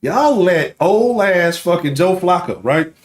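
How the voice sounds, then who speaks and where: A man in his late thirties hosts a loose sports talk livestream and talks straight to his viewers. His pitch swings up and down as he riffs. He curses his way through the trash talk and tags his points with a quick "right?". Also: expressive. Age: late 30s. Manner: profane trash talk, keeps asking "right?". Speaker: sports talk show host.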